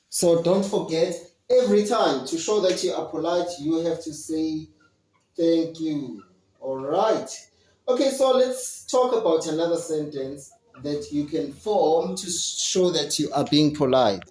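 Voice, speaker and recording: A man's voice: a little high, darkish tone, recorded from a distance. Male English teacher for first graders, drilling phrases with repetition, recorded roomy and off-mic. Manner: slow, repetitive drilling, frequent "all right". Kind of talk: online lesson for young learners.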